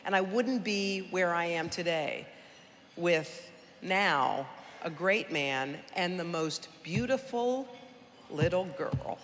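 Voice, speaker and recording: A middle-aged woman giving a personal storytelling speech at a charity gala, lively and conversational, talking straight to the audience. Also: fairly low pitch, slow. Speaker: guest speaker at a charity gala. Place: large event hall. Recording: echoey large hall, faint noise.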